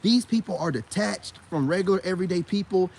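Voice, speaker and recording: High-voiced man giving blunt slangy advice. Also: fairly quick, a little mellow. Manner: slangy, repetitive, keeps asking "you know what I'm saying"; blunt, preachy advice to men. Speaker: vlogger and self-styled spiritual coach. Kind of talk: casual monologue to camera.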